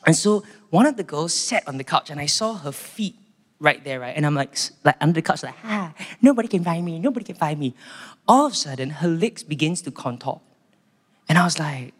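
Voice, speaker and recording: A man's voice: fairly high pitch, animated, fairly quick, slightly rough. A man with a Singaporean English accent giving a sermon testimony, telling his story with animation and acting out the voices. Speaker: preacher. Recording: long hall reverb.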